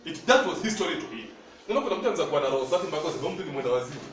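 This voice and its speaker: A man's voice: a little high, expressive, very fast, slight background noise. A man with a Kenyan accent preaching a sermon, mixing Swahili and English and calling on the congregation for responses. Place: church hall. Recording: echoey hall, mic at a distance.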